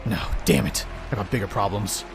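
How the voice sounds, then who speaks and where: A man doing casual gameplay commentary as a streamer, reacting excitably and laughing often. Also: fairly low pitch, fairly quick, over music.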